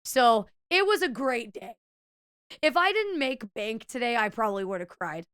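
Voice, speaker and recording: A young adult woman streamer chatting casually with viewers, telling a story with lots of swearing, quoting herself in a lively way, with a slight stutter. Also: a little high, moderate pace, smooth, no room sound, clean studio sound.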